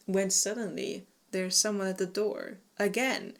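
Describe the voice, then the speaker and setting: A woman co-hosting a casual book discussion podcast, animated and swearing freely. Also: medium pitch. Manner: animated, swearing, quick to laugh. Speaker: book club podcast co-host.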